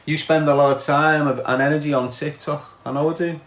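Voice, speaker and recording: A man's voice: on the high side, steady tone, brisk. Blunt sweary Scouse man, roomy echo. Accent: Liverpool (Scouse). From Liverpool, England. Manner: blunt, sweary, mocking, tags lines with "lad" and "mate". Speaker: live-stream host. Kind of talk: ranting live-stream chat with viewers.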